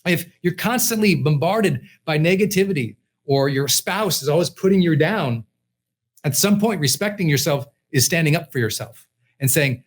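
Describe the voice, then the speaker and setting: A man's voice: on the high side, moderate pace. Emphatic man giving a motivational talk. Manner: emphatic, lively, repeats key points. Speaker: personal development coach. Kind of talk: motivational class lecture.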